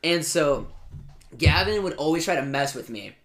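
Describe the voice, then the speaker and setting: A man's voice: fairly high pitch, moderate pace. Young man telling stories, echoey room. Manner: animated storyteller, acts out quotes, laughs often. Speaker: podcast co-host. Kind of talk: casual chat.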